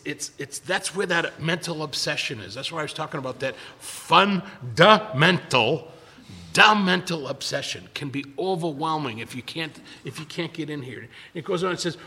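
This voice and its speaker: A man's voice: fairly high pitch, bright, forceful tone, breathy edge. An older man sharing his recovery story in casual talk. He rambles, stops and restarts a lot, and stammers over his words. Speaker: recovery speaker. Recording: long hall reverb.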